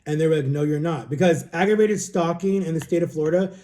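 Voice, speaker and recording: A man's voice: on the high side, fast talker, mellow. A young man telling a personal story in a casual, rambling way, filling his talk with "like" and acting out what others said. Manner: rambling, frequent "like", quotes others in dialogue. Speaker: vlogger. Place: home.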